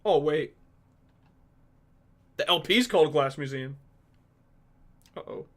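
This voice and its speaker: A man's voice: a little high, slow pace, fairly bright tone. Rambling young man reacting to songs. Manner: rambling, thinking aloud, swearing, filler-heavy. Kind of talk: casual music reaction chat. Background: faint music from the songs he plays.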